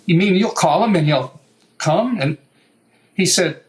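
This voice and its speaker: An older American man, a guitar maker, telling a story in a lively, casual way, swearing now and then and acting out what people said. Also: sits high, unhurried, low-quality recording. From United States. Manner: animated, swears, acts out quotes. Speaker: guest luthier.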